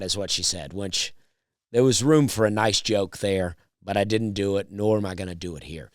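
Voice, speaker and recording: A man, a stand-up comedian, telling a drawling, deadpan comedy story. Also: fairly low pitch, normal speed, no echo, clean studio sound.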